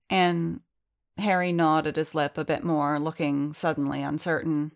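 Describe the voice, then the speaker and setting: A woman narrating a novel, with a low, grounded voice. Her reading is measured and steady, a calm scripted storytelling pace. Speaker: audiobook narrator.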